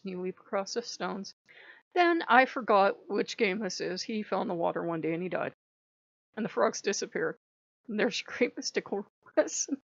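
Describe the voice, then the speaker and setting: A woman chats casually to her viewers, telling stories with animated asides and frequent laughter. Her voice has a gravelly fry. The recording is dry and slightly dull. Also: fairly low pitch, no room sound. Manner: chatty, laughing, animated storytelling. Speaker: vlogger. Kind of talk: casual chat.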